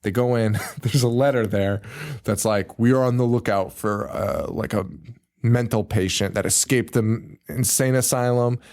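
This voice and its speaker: This is a man on a podcast, recounting a horror movie in loose, casual chat. His voice sits in an ordinary middle pitch. He jumps into high screams and put-on voices for the characters, laughs often, and swears freely. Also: moderate pace. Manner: animated storyteller who acts out characters with screams and laughs. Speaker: podcast co-host.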